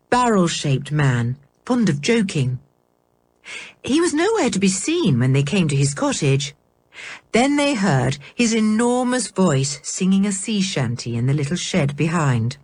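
A woman reading a children's storybook aloud, expressive and measured. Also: medium pitch, husky. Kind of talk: storybook narration.

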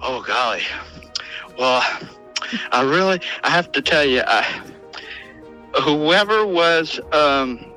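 A man's voice: fairly high pitch, lively intonation, slow pace, long pauses, pushed and bright, faint music behind, rough recording. Hesitant, folksy male radio guest. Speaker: studio guest judging callers. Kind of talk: casual radio chat.

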